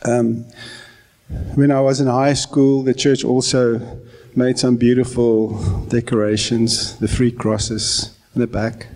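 In a church, a man in his forties from South Africa with an Afrikaans accent preaches conversationally and self-deprecatingly, with false starts. His medium-pitched voice is slow, flat, and a little mellow.

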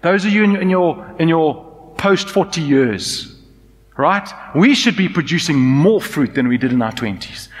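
Passionate preacher with long hall reverb. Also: male voice, a little high, expressive, unhurried. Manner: passionate, rising to loud emphasis and dropping to soft intimacy. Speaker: pastor. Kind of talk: sermon. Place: church hall.

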